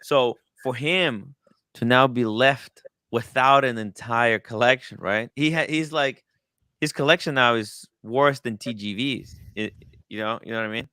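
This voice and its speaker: A man's voice: medium pitch, measured pace, bright, forceful tone, smooth, no echo, clean studio sound. A man hosting a casual livestream chat about watches, rambling with many fillers and restarts. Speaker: watch podcast host. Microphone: studio mic.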